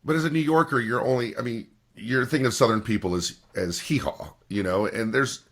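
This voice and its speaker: A man's voice: mid-range voice, a little fast, fairly bright tone. A man co-hosting a podcast who pushes back in a casual debate, hesitating and restarting before he makes his point. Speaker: podcast co-host.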